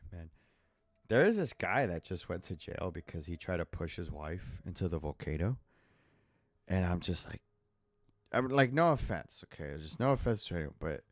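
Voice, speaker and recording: A man's voice: sits low, no echo. A man live-streaming as he draws, chatting casually in a rambling, digressive way and laughing often. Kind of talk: casual chat while drawing.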